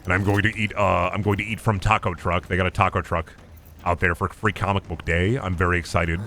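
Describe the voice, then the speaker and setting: A man streaming a game, chatting in an animated, rambling, profane way. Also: low-pitched, fairly quick, slight background noise. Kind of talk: casual livestream gameplay chat.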